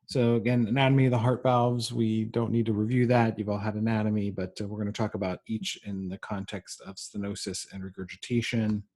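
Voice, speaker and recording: A man giving a recorded medical lecture, pausing often with ums and uhs. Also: fairly low pitch, flat delivery, a little mellow. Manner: halting, frequent ums and uhs.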